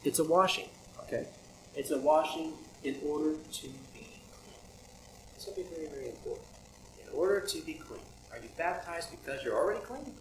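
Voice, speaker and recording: A man's voice: on the high side, expressive, a little fast. Man, preacher, conversational sermon, rhetorical questions, roomy echo, noisy background. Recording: echoey room with audible background noise.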